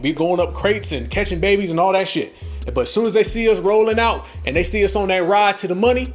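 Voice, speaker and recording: A man's voice: fairly high pitch, fast, faint music behind. Brash swearing man ranting, laughing often. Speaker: podcast host. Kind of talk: profane comedic rant.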